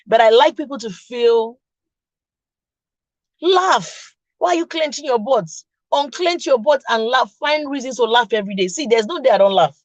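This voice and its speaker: A woman's voice: on the high side, no room sound, highs cut off. A middle-aged woman with a Nigerian accent hosting a casual chat, laughing often and teasing her viewers directly. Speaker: podcast host.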